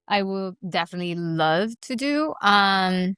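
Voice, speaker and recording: A woman's voice: mid-range voice, unhurried, clean tone, dry recording, clean studio sound. A woman from Mexico City with a Mexican accent, a native Spanish speaker, talking animatedly as a guest in a casual podcast interview. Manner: animated, switches into Spanish and trails off searching for words. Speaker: guest actress.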